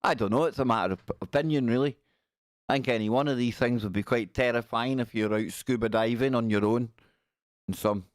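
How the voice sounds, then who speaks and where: A male livestream host with a mid-range voice, recorded with studio quality and no room sound. He chats casually and jokes, reacting aloud to pictures with quips.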